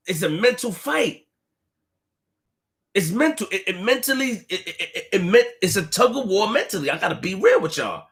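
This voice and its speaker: A young man talking casually to his stream audience, full of street slang and repetition, swinging from quiet, low remarks to loud outbursts. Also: big pitch swings, normal speed. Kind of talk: casual live-stream rant.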